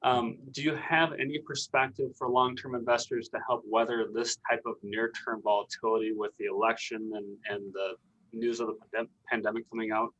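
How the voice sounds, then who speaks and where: Male advisor-host on a video call, measured and plain, reading questions. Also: mid-range voice, flat delivery, fairly bright tone, lo-fi sound. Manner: measured, with fillers like "um".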